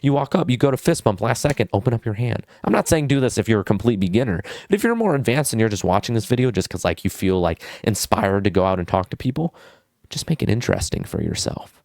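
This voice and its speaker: A man's voice: fairly low pitch, animated, fast talker, darkish tone, no echo, studio quality. A young man vlogging casual social advice, goofy and full of swearing and fillers. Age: young adult.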